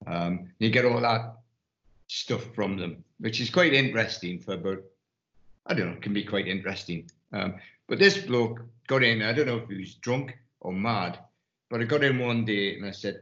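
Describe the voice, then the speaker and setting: A man's voice: fairly low pitch, normal speed, fairly bright tone, dull audio. Rambling Geordie man in a roomy room. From Newcastle, England. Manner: rambling anecdotes, many restarts. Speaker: investment firm partner. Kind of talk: casual panel discussion.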